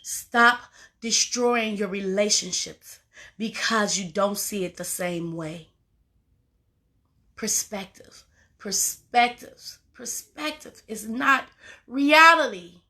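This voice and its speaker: Woman, life coach, motivational talk, bright voice, repeats herself, says y'all. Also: mid-range voice, takes it slowly. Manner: emphatic, repeats phrases, informal; addresses listeners as y'all and baby.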